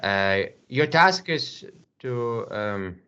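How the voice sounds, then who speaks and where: A man teaching English one to one, patient, repeating words slowly with many fillers. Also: medium pitch, animated, pushed and bright, smooth, lo-fi sound. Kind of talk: online English lesson.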